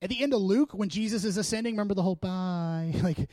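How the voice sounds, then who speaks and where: A man's voice: high voice, fast talker, no room sound. A male pastor preaching a sermon in a casual, joking, fervent way, urging his congregation on. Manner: casual, joking and energetic, with frequent laughs.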